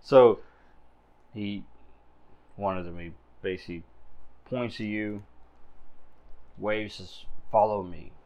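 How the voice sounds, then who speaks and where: A man's voice: on the low side, slow pace, pauses often, darkish tone. A man as game master narrating a tabletop game, chatty and laughing often, with frequent fillers.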